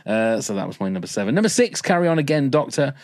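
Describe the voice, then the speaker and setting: A man's voice: mid-range voice, big pitch swings, fast talker, darkish tone, no echo, studio quality. A man hosting a podcast, chatting casually and joking, often laughing. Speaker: podcast host.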